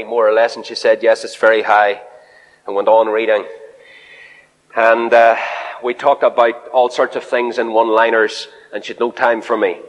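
A man preaching an evangelistic sermon full of personal anecdotes, swinging between loud, high exclamations and low, quiet asides. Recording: long hall reverb.

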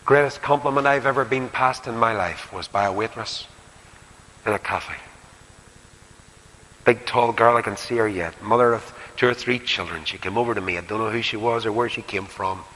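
An older man with a Northern Irish accent preaching a sermon and leading prayer, earnest, swinging between emphatic lines and hushed near-whispers. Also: lowish voice, normal speed. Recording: long hall reverb, faint hiss.

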